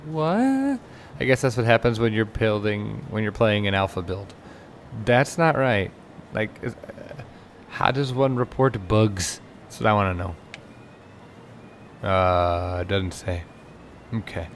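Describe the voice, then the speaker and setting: Gravelly low-voiced man commentating a game. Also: fairly even intonation, measured pace, pauses often, slight background noise. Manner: rambling, exasperated at bugs. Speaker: let's play host. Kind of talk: casual gameplay commentary.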